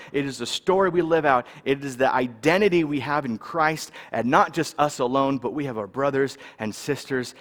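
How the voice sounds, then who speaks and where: Male pastor, mid-pitched voice, relaxed storytelling sermon, lots of "right?" asides, big echoing sanctuary. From California, US. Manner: casual, animated storyteller, checks in with the audience. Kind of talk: sermon with personal stories.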